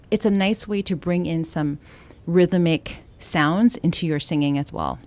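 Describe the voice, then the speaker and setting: A woman voice coach teaching a song, explaining calmly and singing short example lines. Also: on the low side, moderate pace. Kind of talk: singing lesson.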